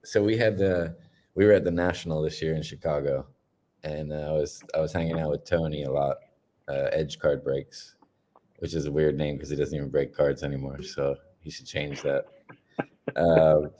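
A laid-back man co-hosts a casual podcast and tells funny stories with an easy, joking manner. His voice is very deep and dark, mellow in tone. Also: fairly even intonation, moderate pace. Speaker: podcast co-host.

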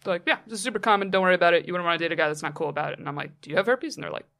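A woman's voice: on the low side, very fast, creaky, a bit bright. A woman hosting a casual chat who reacts with gasps and asks frank questions.

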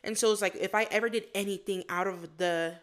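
A young woman from Florida chatting as a podcast guest. She talks in a lively, animated way and slips into acted-out quotes as she tells her stories. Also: mid-range voice, a little fast. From Florida, USA. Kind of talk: casual interview chat.

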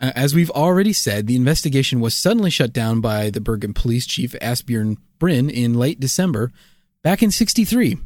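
A man's voice: mid-range voice, normal speed, no room sound. A man co-hosting a chatty podcast, his voice rising and falling a lot as he tells the story. He slips jokes in between facts, and the recording is close and dry. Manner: jokey, lively storytelling. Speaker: podcast co-host. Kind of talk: casual joking podcast chat.

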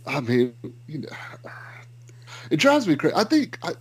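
A man from the US South with a Southern accent, co-hosting a podcast and chatting casually with animated, joking complaints. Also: on the high side, moderate pace, breathy edge, low-quality recording. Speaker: podcast co-host. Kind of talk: casual chat.

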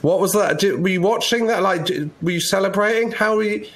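A man's voice: sits high, brisk, fairly bright tone. A man hosting an interview, asking questions and recapping facts to prompt his guest. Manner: inquisitive, prompting with stats. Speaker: podcast host interviewer.

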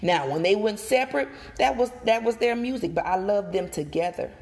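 A woman vlogger delivers casual opinion commentary outdoors, speaking straight to her viewers. Her delivery is emphatic and animated, with frequent repetition for effect. Her voice sits at an ordinary middle pitch. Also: brisk. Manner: emphatic, animated, repeats and addresses viewers directly. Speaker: gossip vlogger.

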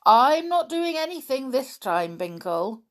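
A woman's voice: sits high, sing-song, measured pace, voice pushed up. A woman voicing a timid, anxious male bunny in a children's storybook, fretful and nervous.

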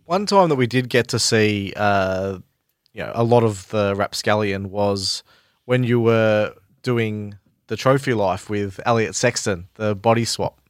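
A man hosting an interview, asking questions in a relaxed, conversational way. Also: on the low side, a little slow, no room sound, clean studio sound. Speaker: interview host.

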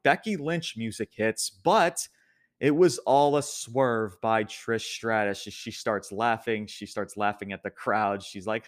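A man's voice: lowish voice, steady tone, a little slow, clean tone. A young man casually recapping a wrestling show as a podcast host, rambling with many restarts and frequent laughs.

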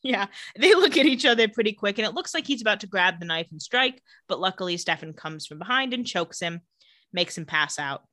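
A woman co-hosting a casual chat, retelling scenes and quoting characters in quick voices. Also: mid-range voice, animated, pushed and bright, dry recording. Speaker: podcast co-host recapping a TV episode.

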